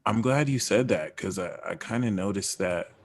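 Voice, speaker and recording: Hesitant low-voiced man guest. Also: expressive, normal speed, vocal fry, a little hiss or hum. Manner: hesitant, trailing off with "like" and "I don't know". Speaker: podcast guest. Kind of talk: casual chat about astrology.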